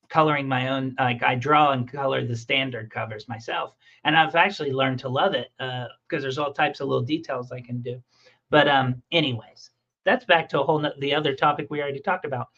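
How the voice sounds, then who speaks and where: Chatty man, muffled lo-fi sound. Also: medium pitch. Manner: rambling, animated storytelling with restarts. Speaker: comic creator and podcast host. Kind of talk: casual conversation. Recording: muffled lo-fi audio.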